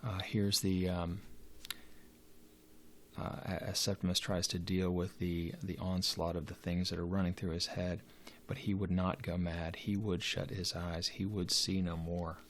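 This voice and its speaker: A man's voice: low-pitched, level tone, measured pace, a bit bright. A man giving a literature lecture, hesitant and full of fillers and restarts. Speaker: literature teacher.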